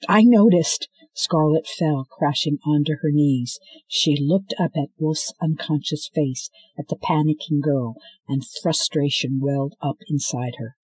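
Man, audiobook narration, steady storytelling, husky voice, slightly high pitch. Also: a little slow, few pauses, dry recording, poor audio. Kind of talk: scripted narration.

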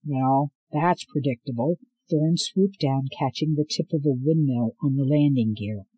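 Husky male audiobook narrator. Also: mid-range voice, normal speed, mellow, lo-fi sound. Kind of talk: scripted narration.

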